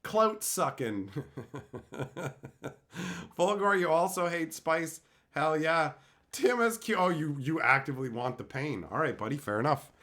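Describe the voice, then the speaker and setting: A man's voice: a little high, lively intonation, unhurried, fairly bright tone. A young adult man streaming and reading chat aloud in casual talk, ranting with exasperated disbelief and frequent swearing.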